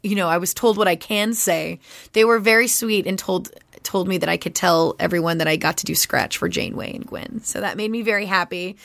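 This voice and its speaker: Chatty woman voice actress, animated, dry. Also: on the low side, brisk, vocal fry, dry recording. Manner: chatty, animated, many fillers. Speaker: guest voice actress. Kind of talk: casual interview chat.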